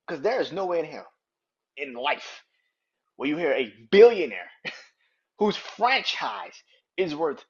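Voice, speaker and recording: A man's voice: fairly high pitch, sing-song, normal speed, long pauses, slightly rough, dull audio. A man hosting a sports podcast, ranting in a heated, profane, incredulous way. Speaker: podcast host. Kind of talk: sports opinion rant.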